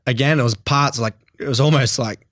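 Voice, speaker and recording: A man's voice: medium pitch, fairly quick, a bit bright, no echo, studio quality. A young Australian man in his twenties, a podcast guest, telling a story bluntly and emotionally, swearing freely and laughing often. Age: 20s. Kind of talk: candid podcast interview.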